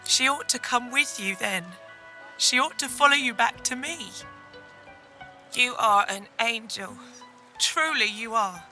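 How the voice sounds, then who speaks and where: An actress voicing a grieving mother in a game, pleading softly and tearfully for her lost daughter. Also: fairly high pitch, animated, a little slow, pauses often, soft background music, exaggerated voice. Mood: grateful. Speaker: game character.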